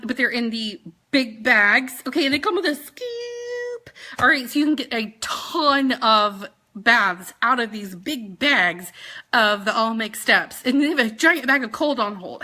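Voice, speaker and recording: Chatty bright-voiced woman with twang. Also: a little high. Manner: chatty, joking, quick asides. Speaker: sales consultant presenting products. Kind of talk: casual product rundown.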